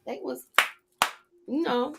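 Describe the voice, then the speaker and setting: A woman's voice: sits high, slow pace, vocal fry, noisy background. A woman in a casual live chat, emphatic and insistent, repeating her point. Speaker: panelist.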